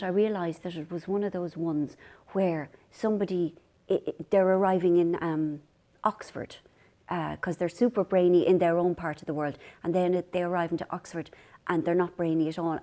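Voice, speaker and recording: A woman's voice: fairly low pitch, steady tone, a little fast, dark tone. An Irish woman from Ireland chatting to camera as a vlog host, telling rambling, self-deprecating stories. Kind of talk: casual chat to camera.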